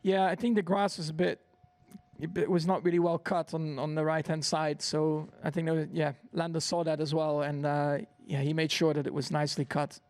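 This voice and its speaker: A slightly high-voiced man answers a press question in a flat, deadpan way. The sound is close and dry. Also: moderate pace, no echo. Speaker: racing driver.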